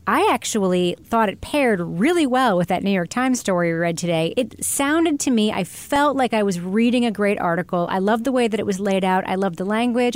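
A woman hosting a casual podcast, upbeat and leading the segments. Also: mid-range voice. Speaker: podcast host.

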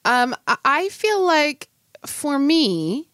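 A young woman co-hosting a casual chat, playful and quick to giggle. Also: high-pitched, very animated, fairly bright tone, no echo, studio quality. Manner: giggly, playful, jokey innuendo. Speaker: podcast co-host.

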